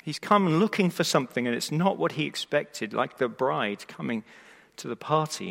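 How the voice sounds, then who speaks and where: A male preacher gives a sermon to a gathered congregation, with a slightly higher voice than most men. He speaks in an expressive, emphatic way, peppered with rhetorical questions and restarts. The sound carries a long reverb from the large hall. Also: moderate pace, gravelly. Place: church or hall before a live congregation.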